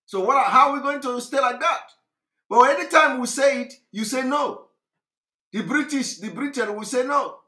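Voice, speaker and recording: A man's voice: very high voice, normal speed, bright, forceful tone. Fiery Nigerian man in a roomy echo. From southeastern Nigeria. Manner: fiery, mocking, laughs between points. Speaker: political activist broadcaster. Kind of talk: impassioned political monologue.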